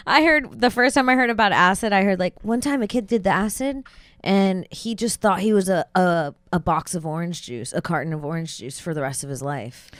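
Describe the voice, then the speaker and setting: A woman with a clear, smooth voice banters brashly and jokes around, getting animated as she makes her points. The sound is close and dry. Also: lowish voice, normal speed, dry recording. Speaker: podcast host. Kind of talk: casual comedic chat. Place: podcast studio.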